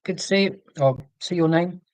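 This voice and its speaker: An English man with a received pronunciation accent hosts a casual livestream, reading and answering live chat with lots of ums. His voice is high and darkish at a normal speed, recorded on a computer mic with no room sound and low quality.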